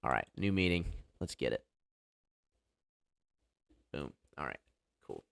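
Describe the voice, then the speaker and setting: A man's voice: extremely low pitch, big pitch swings, slow, gravelly, a bit bright. A man hosting a casual livestream debate show, talking loosely and joking as he sets things up. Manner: loose, joking, hype-style banter.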